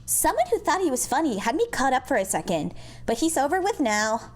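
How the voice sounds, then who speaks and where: A woman voicing a spirited young female soldier scout with a Yankee accent, giving brisk reports. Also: sits high, sing-song, soft background music. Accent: American Yankee.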